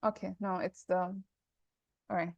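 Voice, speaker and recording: A woman's voice: fairly low pitch, level tone, a little slow, vocal fry, dry recording, muffled recording. A woman teaching Arabic grammar in an online class, thinking aloud, correcting herself and checking in with her students.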